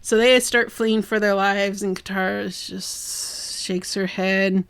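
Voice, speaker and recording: A woman co-hosting a casual podcast chat, retelling scenes in an animated way with acted quotes. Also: medium pitch, slow pace, clear, resonant tone. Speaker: podcast co-host.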